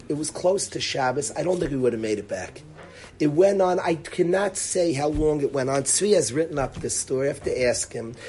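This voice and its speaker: Animated middle-aged man telling a story. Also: a little high, slight background noise. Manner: animated, acts out dialogue, drops to near-whisper for quoted lines. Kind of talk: casual spoken anecdote.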